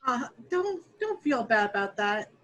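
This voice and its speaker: Candid woman guest, slightly high voice. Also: big pitch swings, a little slow, a bit bright, poor audio. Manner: candid, dry, chuckling. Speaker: podcast guest, dungeon master. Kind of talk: casual interview chat.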